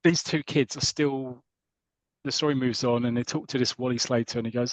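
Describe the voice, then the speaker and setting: A British man on a podcast, chatting and retelling a comic story in a rambling, lively way. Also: mid-range voice, brisk, no room sound. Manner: chatty, rambling, lively when reading out characters' lines. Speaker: podcast host. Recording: dull lo-fi audio.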